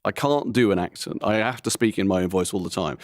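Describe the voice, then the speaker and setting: A middle-aged comedian talks candidly in a low-pitched voice, rambling through frank, self-deprecating asides. The recording is close and dry with no room sound. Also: male voice, brisk, no room sound. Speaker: comedian guest. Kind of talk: candid interview talk.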